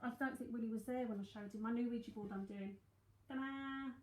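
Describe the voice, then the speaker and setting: London lady doing a psychic reading, rambly and chatty, voice a bit on the high side, roomy echo. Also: brisk, a little mellow, a little hiss or hum. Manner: chatty, rambling, thinking aloud with many fillers. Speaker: psychic medium. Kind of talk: live-streamed reading, casual chat.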